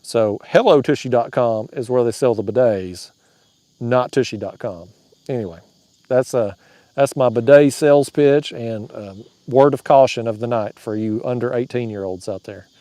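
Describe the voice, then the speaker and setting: A man's voice: mid-range voice, moderate pace, dark tone, dry recording. A man hosting a fishing livestream from a kayak, chatting through viewer comments in a drawling, joking way and laughing at his own jokes. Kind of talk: casual livestream chat reading comments. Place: outdoors on a kayak on a river at night.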